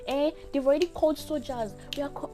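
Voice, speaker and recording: Young woman as a panicked Nigerian mom, high-pitched, scolding, Nigerian accent. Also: music in the background, close to an everyday voice. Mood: frantic scolding. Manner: high, rapid-fire scolding questions. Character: frantic scolding Nigerian mother, middle-aged.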